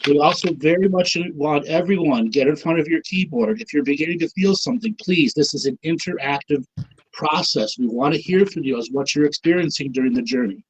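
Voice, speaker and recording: Man with a husky voice guiding a meditation. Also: fairly high pitch, rough recording. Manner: calm, soothing, drawn-out instructions. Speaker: co-host leading a guided session. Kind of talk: slow guided meditation.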